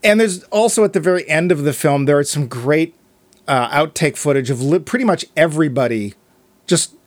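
A man co-hosting a casual podcast about a film, chatting and retelling its scenes in quick quoted asides. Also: fairly high pitch, expressive, no echo. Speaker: podcast co-host.

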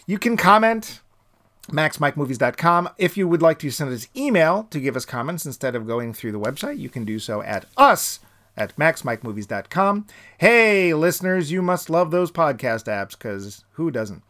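A man with a slightly high voice co-hosts a casual movie podcast. He is lively and animated, swinging his pitch around as he hams up the plugs in a playful, joking way. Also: normal speed. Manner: playful, jokey plugs with mock hype. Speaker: podcast co-host. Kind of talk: casual chat.

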